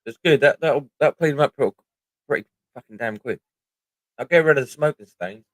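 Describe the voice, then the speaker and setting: A man's voice: medium pitch, fairly quick, no room sound. A middle-aged man with a British accent, chatting casually on a livestream, rambling and swearing freely. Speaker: livestream host.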